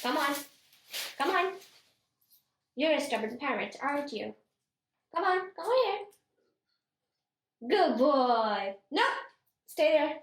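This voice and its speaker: High-voiced woman coaxing her pet parrot. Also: very animated, slow, long pauses, reverberant, rough recording. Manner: coaxing, cooing baby-talk with the bird, giggly. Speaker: parrot owner and vlogger. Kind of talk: casual vlog talking to a pet.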